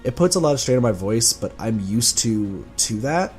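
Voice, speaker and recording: A man with a hoarse, sore voice giving a casual, rambling channel update as a gaming YouTuber, often restarting words and chuckling. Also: mid-range voice, very animated, normal speed, darkish tone, faint music behind. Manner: rambling, self-correcting, chuckling.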